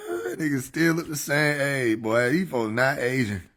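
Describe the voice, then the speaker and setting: A man's voice: medium pitch, lively intonation, normal speed, a bit bright. A man casually chatting on a livestream into a desk microphone, joking, swearing and laughing often. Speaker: streamer.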